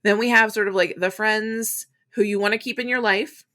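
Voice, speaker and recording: A woman hosts her own podcast and talks straight to the listener in a frank, chatty monologue. She drops casual swears and slips into short acted-out voices. Her voice is bright and sits at a middle pitch. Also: steady tone. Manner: acts out quoted voices in quick asides. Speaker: podcast host. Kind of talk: candid solo podcast monologue.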